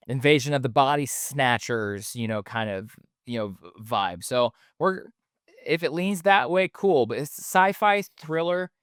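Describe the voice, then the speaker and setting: A man's voice: mid-range voice, smooth, no echo, studio quality. A man hosting a solo podcast in a casual, rambling way, with lots of fillers and the odd swear word. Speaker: podcast host.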